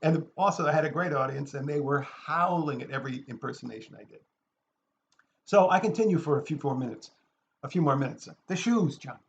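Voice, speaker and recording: Male raconteur, lively and acting out the people in his story; slightly high voice, muffled lo-fi recording. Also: a little fast, gravelly, a little hiss or hum. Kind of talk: anecdote told aloud.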